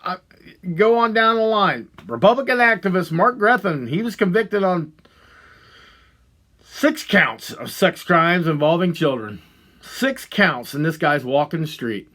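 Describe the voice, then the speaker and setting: A man hosting a podcast, delivering a profane, heated monologue that swings between loud outbursts and low muttering. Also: big pitch swings, a little slow. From Ohio. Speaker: podcast host. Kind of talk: angry ranting monologue.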